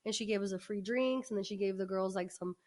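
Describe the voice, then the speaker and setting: A woman co-hosting a podcast, telling a personal story in a chatty, animated way with quick restarts and asides. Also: medium pitch. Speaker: podcast co-host. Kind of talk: casual storytelling.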